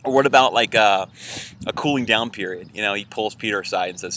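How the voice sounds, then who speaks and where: A man delivers a relaxed sermon to his church in a low, bright and somewhat tense voice. He talks casually and conversationally, filling gaps with loose fillers. A faint ambient hiss sits behind him. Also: fairly quick. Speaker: church pastor. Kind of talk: informal weekend sermon message.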